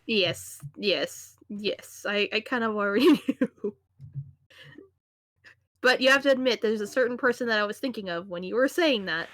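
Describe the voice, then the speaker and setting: A woman's voice: mid-range voice, moderate pace, fairly bright tone, dry recording, studio quality. An American woman co-hosting a casual podcast chat, teasing and giggling. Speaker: podcast co-host.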